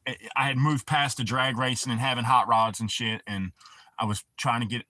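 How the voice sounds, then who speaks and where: A man's voice: mid-range voice, steady tone, normal speed, sharp tone, no room sound. A man hosting a livestream, telling profane, rambling stories in casual talk and answering his chat. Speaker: livestream host.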